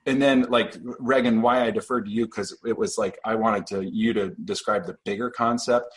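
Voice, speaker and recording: A man's voice: lowish voice, steady tone, normal speed. A man from Iowa, a podcast host who rambles and hedges in casual chat. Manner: rambling, hedging, laughs easily.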